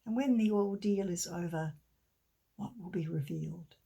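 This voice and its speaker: A middle-aged woman giving a gentle sermon with a children's story, often dropping to a soft near-whisper. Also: lowish voice, moderate pace, vocal fry, slightly rough. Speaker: church speaker.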